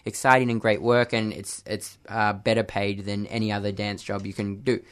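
A man's voice: fairly low pitch, little pitch movement, normal speed, smooth. A young man, a dancer and actor, chatting casually in an interview, with many fillers and friendly laughs.

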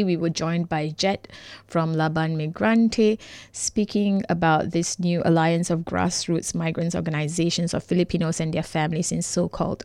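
Brief: woman, radio presenter, low voice, dry close sound, casual rundown with ums. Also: darkish tone, dry recording. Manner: frequent ums, reading a rundown. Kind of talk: community radio wrap-up.

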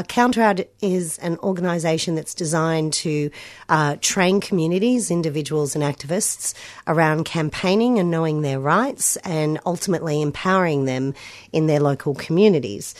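A woman's voice: sits low, normal speed, no echo. A woman co-hosting a community radio show, chatting casually and upbeat with frequent backchannels. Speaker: radio co-host.

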